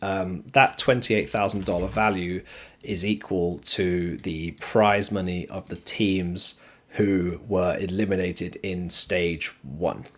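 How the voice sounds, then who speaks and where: Low-voiced man explaining esports rankings. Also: slow. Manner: explanatory, steady, frequent ums. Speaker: streamer host. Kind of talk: casual esports commentary.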